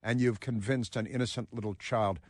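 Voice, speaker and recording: A man's voice: mid-range voice, steady tone, moderate pace, no room sound. A man hosting talk radio, mocking and rambling, with frequent filler words. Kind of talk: casual talk radio commentary.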